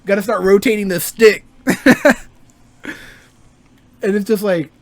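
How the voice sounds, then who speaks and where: A man's voice: high voice, steady tone, measured pace, no echo. A young man and game designer ranting casually about video games, rambling, swearing freely and laughing often. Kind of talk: casual gaming rant.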